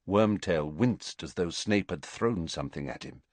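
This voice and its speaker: A male narrator reads a story in a lowish voice, taking his time with each phrase. His delivery rises and falls a lot. The sound is dry and close. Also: dry recording. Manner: expressive, measured storytelling. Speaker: audiobook narrator.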